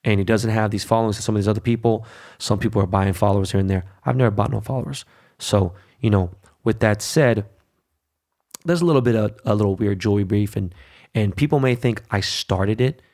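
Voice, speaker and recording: A man's voice: on the low side, a little fast, darkish tone. A man hosting his own podcast in a brash, blunt, profane monologue, tagging points with "right?" and "okay?". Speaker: podcast host. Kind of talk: casual monologue.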